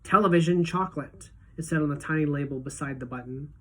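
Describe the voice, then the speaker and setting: A woman teacher reading a children's book aloud to a class, in a steady, clear storytelling manner. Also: rumbling low, fast talker.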